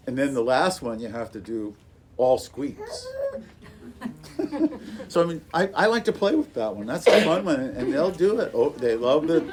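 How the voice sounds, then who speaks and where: A man leading a music workshop for teachers, chatting casually and breaking into playful sung rhymes for a group in a classroom. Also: a little high.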